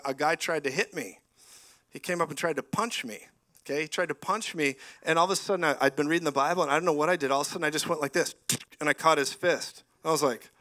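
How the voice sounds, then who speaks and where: A man preaching a sermon to a live congregation, telling stories with laughter and having the room repeat phrases after him. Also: on the high side. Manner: call-and-response, has congregation repeat phrases; animated storytelling with laughter. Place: church hall with live congregation.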